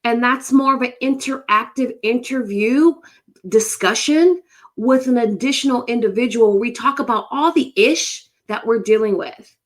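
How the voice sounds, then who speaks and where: A woman's voice: a little high, normal speed. A woman from the United States, hosting a live motivational talk and speaking emphatically straight to her viewers. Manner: emphatic, repeats phrases, talks to viewers. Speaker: host of a live motivational show.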